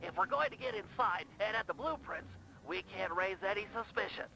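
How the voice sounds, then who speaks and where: A man's voice: high-pitched, very animated, brisk, vocal fry, bright, forceful tone, full character voice, rough recording. An actor voicing a brainy, nerdy male turtle planner in a game, briefing in a precise, fussy way. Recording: game audio with faint music.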